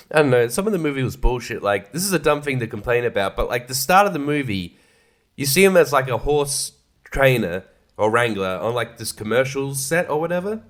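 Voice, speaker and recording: A man hosts a casual film review podcast in a mid-range, sing-song voice at a fairly quick pace. He rambles and is sarcastic, swears freely, and laughs a lot.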